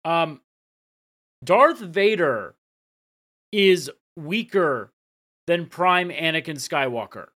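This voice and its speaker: A man's voice: on the high side, expressive, slow pace, pauses often, fairly bright tone. A man co-hosting a podcast, casually recapping scenes and dropping the odd swear. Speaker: podcast co-host.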